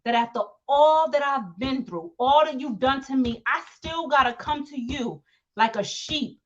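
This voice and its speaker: A woman hosting casual celebrity gossip commentary, animated and mocking, laughing often and talking in slang. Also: high-pitched, a little slow, muffled recording. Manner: slangy talk, repeated phrases. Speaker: commentary host.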